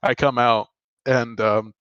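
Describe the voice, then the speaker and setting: A man's voice: medium pitch, fairly even intonation, slow pace, a bit bright, clear, resonant tone, no room sound, muffled recording. Rambling young man telling a story. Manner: rambling storyteller, many fillers. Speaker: podcast co-host. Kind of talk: casual chat.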